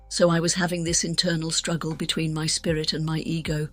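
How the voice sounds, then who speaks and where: A woman's voice: low voice, flat delivery, a little fast, few pauses, fairly bright tone, faint music behind. A woman telling a personal testimony in an interview, frank and blunt, with a self-mocking edge. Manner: frank, blunt and self-mocking, voices her past self with urgency. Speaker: guest sharing a near-death testimony. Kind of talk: candid personal storytelling in an interview.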